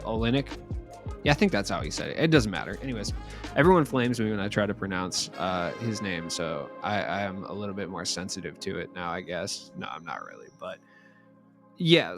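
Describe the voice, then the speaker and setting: Young guy rambling thru game commentary, jokey asides, normal pitch, some quiet music underneath. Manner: chatty, rambling, joking asides. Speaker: gaming YouTuber.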